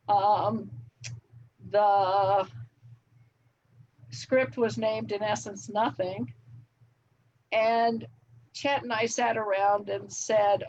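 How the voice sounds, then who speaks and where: An older woman speaks as a guest on a live stream, reminiscing with easy laughs and plenty of ums. Her voice is a little husky. The audio is dull and lo-fi, like a home computer mic. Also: medium pitch. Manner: reminiscing, frequent laughs and fillers. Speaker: guest TV writer. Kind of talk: relaxed anecdotal interview answers.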